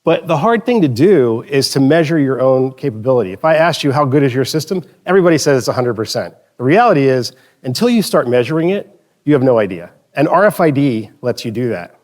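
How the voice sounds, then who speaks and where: A man's voice: medium pitch, very animated, a little fast, a little mellow. A man presenting a conference talk on stage, telling anecdotes in a casual, joking way with frequent restarts. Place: stage in front of an audience.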